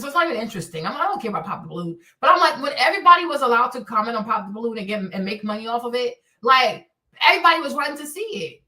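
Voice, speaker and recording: A chatty, exasperated woman streaming her commentary live, talking in a bright, lively voice full of slang. She sits back from the mic in an echoey room. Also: high-pitched, fast, distant mic.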